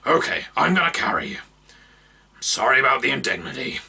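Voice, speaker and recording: Guy putting on a big gruff orc lady, bellowing, rough but kind, storybook reading. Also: medium pitch, big pitch swings, fairly quick, pushed and bright, recorded from a distance, pitched above the performer's own voice, heavily acted. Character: gruff friendly female orc, big and loud.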